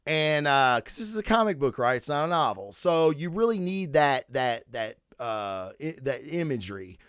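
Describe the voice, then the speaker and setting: A man's voice: fairly high pitch, sing-song, a bit bright, clear, resonant tone, dry recording, clean studio sound. A man hosting a comic book review podcast, talking in a loose, profane, joking way and acting out scenes. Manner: loose, profane, jokey, quick to act out scenes. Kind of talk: casual comic review chat.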